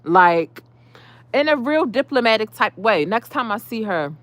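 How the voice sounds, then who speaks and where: A woman's voice: on the high side, measured pace, no room sound. Woman, heated rant, swearing, dry close sound. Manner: animated, profane, venting. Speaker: vlogger. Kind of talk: casual storytime rant.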